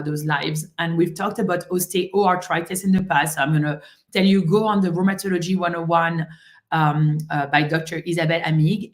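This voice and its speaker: French-accented woman doctor, chatty and low-voiced. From France. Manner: friendly, chatty, many fillers. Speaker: rheumatologist hosting a live stream. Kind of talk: casual live-stream health talk.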